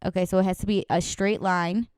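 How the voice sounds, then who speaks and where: A woman's voice: mid-range voice, fairly even intonation, a little fast, a little mellow, smooth, dry recording. A young woman co-hosting a podcast in casual chat, talking freely, swearing and acting out quotes. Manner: chatty, swears, acts out quotes. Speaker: podcast co-host.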